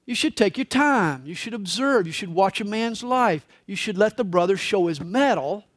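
High, lively-voiced male preacher. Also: normal speed, dry recording, clean studio sound. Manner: expressive storytelling preacher. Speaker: pastor. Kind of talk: sermon. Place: church service.

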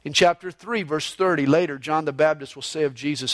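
A male pastor preaching a verse-by-verse sermon, earnest and expressive, moving between emphatic rises and hushed lows, with a conversational "you know" style. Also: a little fast, no room sound. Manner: conversational, with frequent "you know" fillers and restarts.

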